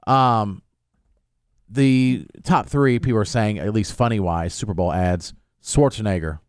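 A man's voice: fairly low pitch, a little slow, smooth, no room sound, studio quality. A man hosting a radio show, chatting casually and leading the talk with his co-hosts. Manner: chatty, leads the conversation.

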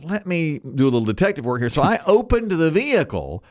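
A man in casual chat, telling a story with lots of laughter and animated put-on voices. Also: on the high side, brisk. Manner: animated, laughs often, puts on nasal voices.

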